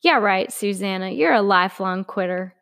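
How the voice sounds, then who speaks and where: A woman's voice: medium pitch, expressive, moderate pace, gravelly, a bit bright. A woman voicing a sneering, crude adult man who mocks his girlfriend, read in a storybook podcast. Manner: sneering, dismissive. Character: mocking, crude adult man, a controlling boyfriend.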